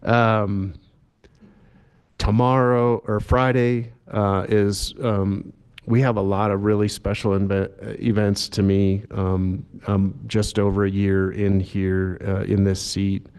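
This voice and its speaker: A man speaking at a public commission meeting, talking in a halting way with many fillers and restarts. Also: lowish voice, smooth. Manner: self-described monotone delivery. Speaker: agency director at a commission meeting. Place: meeting room.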